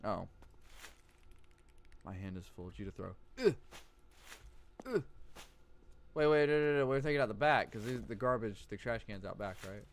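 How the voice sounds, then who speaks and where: A man's voice: lowish voice, animated, normal speed, pauses often, slight background noise. A man streaming a horror game live, his voice bouncing up and down as he jokes and swears. He reads the on-screen text aloud between wisecracks. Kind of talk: live gameplay commentary.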